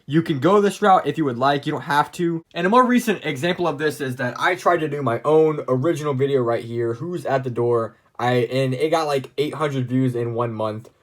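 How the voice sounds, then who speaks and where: Young man, casual tutorial, rambling with fillers, talking into a phone camera, middle pitch. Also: fairly quick, hardly any pauses. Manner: rambling, many fillers and restarts. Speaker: plush video creator giving channel tips.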